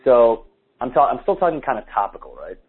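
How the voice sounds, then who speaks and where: Speaking a little fast and very animated, a dating coach with a husky mid-range voice offers advice in a podcast conversation. He keeps it casual with lots of "likes" and acts out sample dialogues, all in phone-quality sound.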